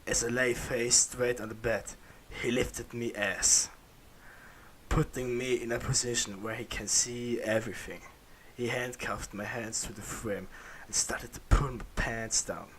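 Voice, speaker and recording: A man's voice: medium pitch, fairly even intonation, a little slow, a bit bright, a little hiss or hum. A man reading fan fiction aloud, stumbling over words and laughing now and then. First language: German. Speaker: reader.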